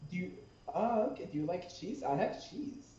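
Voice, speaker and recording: A man with a high, bouncing voice plays a tabletop game, joking and laughing freely. His tone is mellow rather than bright. He sits well away from the mic in an echoing room, and the sound is dull. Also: normal speed, a little hiss or hum. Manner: playful, laughing, animated. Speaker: player. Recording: roomy, distant, dull recording.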